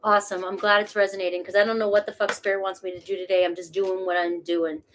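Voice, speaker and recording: A woman with a Boston accent hosts a live tarot reading, talking in a loose, chatty way and swearing now and then. Her voice sits at an ordinary middle pitch for a woman. A faint hiss of background noise runs under the recording. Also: little pitch movement, fast talker, few pauses. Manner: casual, chatty, swears freely. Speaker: tarot reader.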